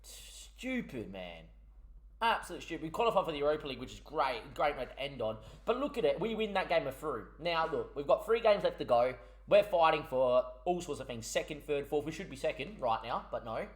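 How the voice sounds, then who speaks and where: A young man rants about a football management game, swearing and exasperated. His voice sits fairly high for a man and keeps jumping higher as he fumes. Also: big pitch swings, fairly quick. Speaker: gaming YouTuber. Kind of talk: ranting game commentary.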